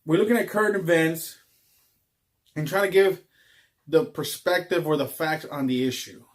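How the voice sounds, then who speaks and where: Guy ranting on his vlog, kinda higher voice, lots of ums, rambly. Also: normal speed. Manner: rambling, with frequent fillers. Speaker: vlogger. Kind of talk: casual ranting monologue.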